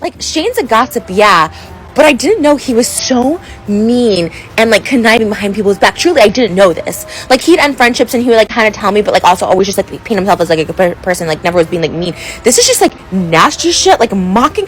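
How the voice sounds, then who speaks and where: A woman with a mid-range, expressive voice talks fairly quickly in a tearful selfie rant; she's an influencer who is upset and rambling, using many fillers and stopping mid-sentence. The low-quality recording has faint music in the background.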